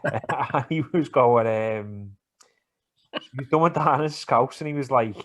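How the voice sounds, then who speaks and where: A man's voice: medium pitch, moderate pace. Sweary, teasing man on a podcast. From England. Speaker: podcast co-host. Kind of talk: casual banter about football and MMA.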